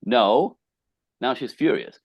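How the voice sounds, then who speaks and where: A man's voice: mid-range voice, animated, slow pace, gravelly, dry recording, highs cut off. A middle-aged man, a podcast guest, telling relationship stories with emphasis and acting out the dialogue. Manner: emphatic storyteller, acts out dialogue, laughs often. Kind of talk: animated conversational interview.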